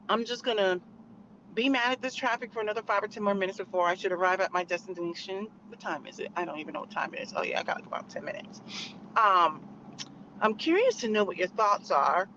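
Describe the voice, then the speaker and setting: A woman's voice: mid-range voice, a bit bright, lo-fi sound, a little hiss or hum. A woman vlogger ranting casually from her car, emphatic and rambling, full of fillers. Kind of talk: casual opinion rant. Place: in a car in traffic.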